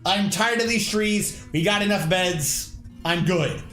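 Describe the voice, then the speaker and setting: A man's voice: high-pitched, unhurried, a bit bright, roomy sound, faint music behind. A man streaming a game, chatting casually and rambling as he plays and answers his chat. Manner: rambling, chatty, reacts aloud and talks to chat. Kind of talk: casual live-stream commentary.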